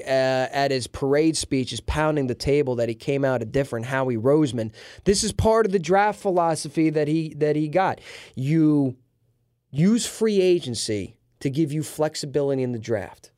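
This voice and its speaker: A man's voice: a little high, lively intonation, normal speed, darkish tone, dry recording, clean studio sound. A man hosting a sports podcast, talking in a casual, emphatic and assertive way. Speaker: podcast host.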